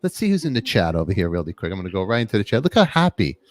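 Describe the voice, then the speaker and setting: A man hosting a live online talk show, joking loudly and giving quick shout-outs to viewers in the chat. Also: sits low, sing-song, no echo. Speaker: podcast host. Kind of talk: lively live-stream chat.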